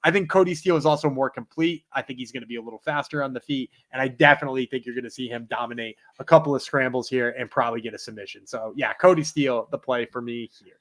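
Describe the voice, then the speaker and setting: A man co-hosting a betting podcast, breaking down fighters in a relaxed, rambling way full of fillers. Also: medium pitch, quick pace, few pauses. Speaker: podcast co-host. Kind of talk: casual analysis chat.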